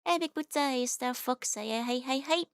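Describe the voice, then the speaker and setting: A young woman streaming live, chatting casually and giggling as she greets her chat with rapid repeated hellos. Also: high-pitched, vocal fry, smooth, dry recording, studio quality.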